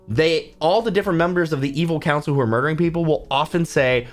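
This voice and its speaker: A man's voice: a little high, quick pace, few pauses, soft background music. A man, a book channel host and author, talking casually to camera and acting out reactions with gasps and whispers. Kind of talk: casual talk to camera about films.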